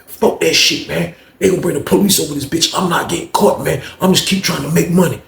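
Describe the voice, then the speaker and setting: A man's voice: on the high side, fast talker, gravelly, fairly bright tone. A man voicing an older male inmate who deals drugs, paranoid, crude and defensive. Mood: griping. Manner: profane, defensive griping. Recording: echoey room.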